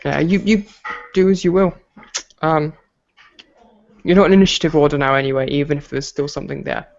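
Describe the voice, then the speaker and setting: A man's voice: a little high, steady tone, fairly quick, vocal fry. Lo-fi game master man narrating.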